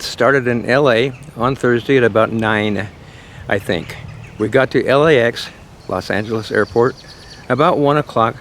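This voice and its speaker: A man's voice: medium pitch, a little hiss or hum. An older man telling the story of his trip in a chatty, self-deprecating travel vlog. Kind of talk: casual travel vlog narration. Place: partly outdoors in a city.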